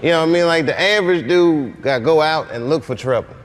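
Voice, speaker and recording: A man's voice: a little high, fast talker. A man chatting as a guest on talk shows, telling playful stories and laughing often. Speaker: comedian guest. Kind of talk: talk show interview chat.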